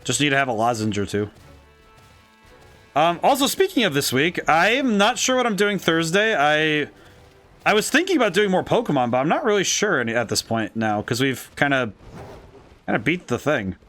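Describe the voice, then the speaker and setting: A man streaming a video game with a dry, cracking throat, thinking aloud and breaking into excited, disbelieving outbursts. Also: fairly high pitch, moderate pace, faint music behind. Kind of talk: casual let's-play commentary.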